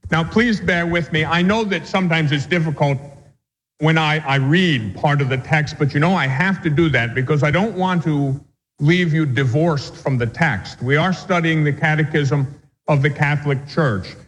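A man, a Catholic priest, giving a measured, patient catechism lecture with anecdotes. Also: a little high, big-room sound, low-quality recording.

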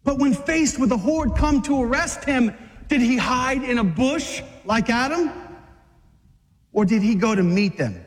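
A man preaching an impassioned sermon to a group of men, exhorting them and rising to shouts. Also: very high-pitched, very animated, normal speed, big-room sound. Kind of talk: fiery sermon.

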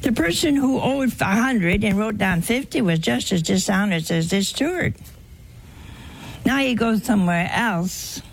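A woman's voice: mid-range voice, animated, a little slow, gravelly, slightly rough. A woman preaching a sermon to a live audience in a folksy, humorous way, acting out bits of dialogue.

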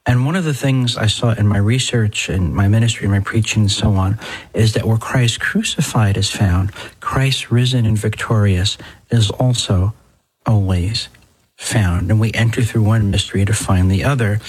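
A middle-aged Catholic priest hosting a talk show, speaking in a conversational, digressive way with folksy exclamations. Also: male voice, lowish voice, normal speed, husky, poor audio. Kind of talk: podcast talk.

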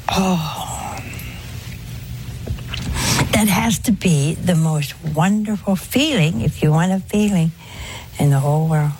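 An older woman giving a conversational religious talk, folksy and gently humorous, full of rhetorical questions. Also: lowish voice, takes it slowly, pauses often, a little hiss or hum. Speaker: religious speaker. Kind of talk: talk to an audience on confession.

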